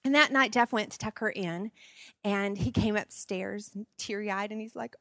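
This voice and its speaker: Expressive woman in her 40s sharing family stories w/ parents, lots of laughs, very dry close sound. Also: mid-range voice, moderate pace, no echo. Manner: animated and expressive, laughing often. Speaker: speaker at a parenting seminar. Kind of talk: personal storytelling talk.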